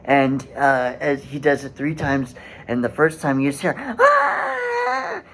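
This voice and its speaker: A man hosting a solo commentary podcast, speaking in a halting way with many fillers and restarts and growing indignant. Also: medium pitch, little pitch movement, a little hiss or hum, rough recording. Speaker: podcast host.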